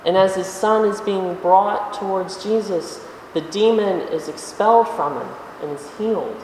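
A preacher giving a conversational sermon in a church, asking rhetorical questions and slowing down for emphasis. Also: medium pitch, darkish tone, distant mic, slight background noise. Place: church sanctuary. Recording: echoey hall, voice from afar.

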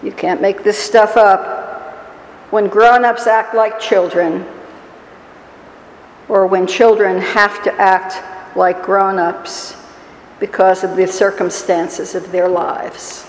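A woman's voice: mid-range voice, steady tone, slow pace, pauses often. A woman preaching a sermon in a church, telling the story with wry humor and mock-whining quotes. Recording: echoey hall with long reverb.

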